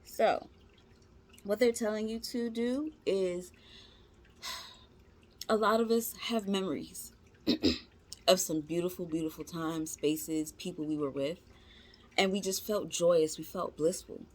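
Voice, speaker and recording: A woman's voice: lowish voice, slow pace, long pauses. Chatty, encouraging woman reading tarot. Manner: chatty, encouraging, addresses viewers as y'all; slangy, informal speech. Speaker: tarot reader.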